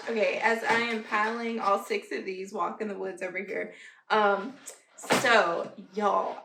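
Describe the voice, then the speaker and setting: A woman, chatting casually as a vlogger, animated and laughing often. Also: medium pitch, creaky. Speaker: candle haul vlogger. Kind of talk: casual chat. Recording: echoey room with faint noise.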